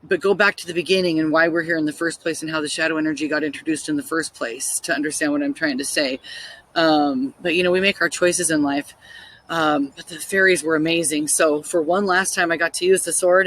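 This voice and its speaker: A woman casually telling a story, excitable and full of "like" fillers, acting out her own thoughts in quotes. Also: deep voice, a little fast, low-quality recording. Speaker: spiritual storyteller.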